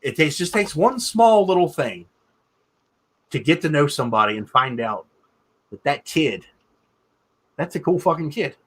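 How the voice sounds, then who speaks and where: A man's voice: on the high side, expressive, moderate pace, long pauses, fairly bright tone, slightly rough. A man in his thirties hosting a casual chat, telling rambling stories and swearing casually. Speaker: podcast host.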